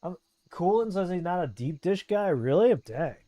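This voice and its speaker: A man's voice: sits high, very animated, normal speed, mellow, dry recording, clean studio sound. Laid-back Southern Californian streamer guy. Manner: rambling, laid-back, full of fillers. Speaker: game streamer. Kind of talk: casual chat while gaming.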